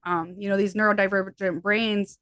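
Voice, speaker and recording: A middle-aged American woman speaks quickly and earnestly as an interview guest, her words tumbling out one after another. Her voice sits at an ordinary pitch for a woman. The recording is close and dry, with almost no room sound. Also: flat delivery, fairly bright tone, dry recording. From USA. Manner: fast-talking, earnest. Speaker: hypnotherapist guest. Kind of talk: conversational interview.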